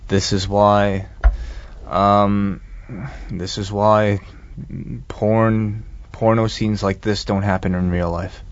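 A man's voice: fairly low pitch, little pitch movement, takes it slowly, no echo, lo-fi sound. A man co-hosting a casual chat, recapping a film scene in a rambling, exasperated way. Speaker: podcast co-host reviewing a film.

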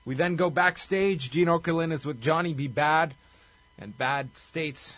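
A man's voice: fairly high pitch, unhurried, a bit bright. A man co-hosting a casual podcast, recapping a wrestling show with a wry, chuckling delivery. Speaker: podcast co-host.

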